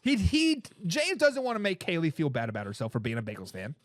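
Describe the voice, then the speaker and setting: Lively, high-pitched sports talk host. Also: male voice, fast, no room sound. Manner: animated, opinionated, reads chat comments aloud. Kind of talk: live sports talk show.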